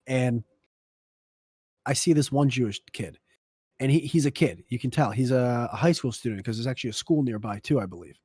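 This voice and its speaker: A man's voice: medium pitch, brisk, a little mellow, slightly rough, no echo. A man talks on a casual podcast, winding through a long anecdote and swearing as he goes. His voice is close and dry, with no room sound. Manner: rambling storyteller, profane. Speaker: podcast co-host.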